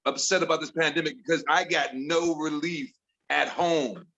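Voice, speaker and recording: A middle-aged man from Chicago works through an exasperated stand-up set with a bright, forceful tone. His voice sits a touch high for a man, and he jumps into higher voices to mimic his family. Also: fairly even intonation, normal speed, lo-fi sound. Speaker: stand-up comedian. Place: comedy bar with audience.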